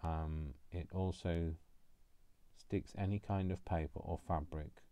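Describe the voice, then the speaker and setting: A man's voice: sits low, fairly even intonation, slow, warm tone, no echo. A man talking casually while he crafts, rambling and teasing himself along the way. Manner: rambling, self-mocking asides. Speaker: craft vlogger.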